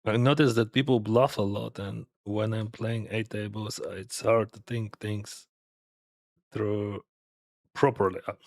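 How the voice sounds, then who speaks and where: A man's voice: fairly low pitch, fairly even intonation, unhurried, vocal fry, a little mellow, dry recording, studio quality. A man with a Russian accent chatting casually while playing online poker, loose with grammar and laughing often.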